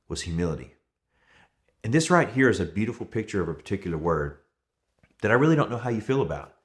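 A man with a fairly low voice preaches to his congregation in an easy, conversational way. He is in his thirties and leans on homely everyday stories to carry his points. His delivery stays relaxed and friendly rather than formal. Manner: relaxed storytelling with everyday examples. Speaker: pastor. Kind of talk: conversational sermon.

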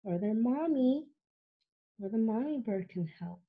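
A woman reading a picture book aloud to young children, animated, with frequent gasps and drawn-out sound words, stopping to ask the listener questions. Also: fairly high pitch, narrow, tinny audio, slight background noise. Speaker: children's story reader.

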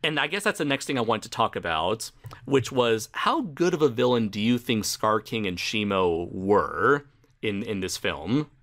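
A man's voice: lowish voice, lively intonation, normal speed, fairly bright tone. A man hosting a casual film review podcast, swearing freely and laughing often. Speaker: podcast host.

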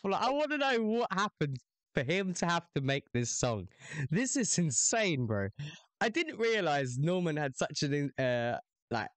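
A man's voice: a little high, big pitch swings, a little slow, fairly bright tone, dry recording. A young man hosting a reaction video, chatting casually with slangy banter and swearing.

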